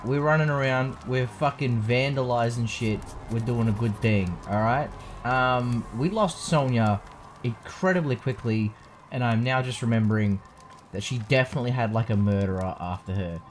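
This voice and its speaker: A man's voice: medium pitch, normal speed, slight background noise. A young man casually commentating a video game playthrough, joking and swearing freely. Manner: profane, joking, animated. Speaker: let's play host.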